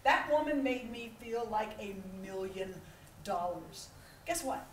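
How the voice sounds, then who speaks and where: A middle-aged woman delivers a motivational keynote with a high voice that swoops up and down. She plays out small scenes with laughter. She is heard from a distance in an echoey hall. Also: a little slow, background noise. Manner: animated and humorous, acting out little scenes with laughter. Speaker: keynote speaker. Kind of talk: motivational conference talk. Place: large conference hall.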